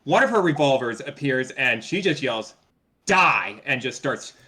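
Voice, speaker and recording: Lively, bright-voiced man. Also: mid-range voice, moderate pace. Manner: hesitant narration with restarts. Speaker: player. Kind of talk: tabletop game play.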